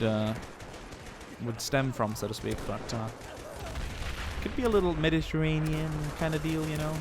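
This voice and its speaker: Excitable man narrating gameplay. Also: mid-range voice, noisy background. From Sweden. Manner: excitable, joking, rambling. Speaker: gameplay commentator. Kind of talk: gameplay commentary. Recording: game battle sounds loud behind. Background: gunfire and artillery from the game.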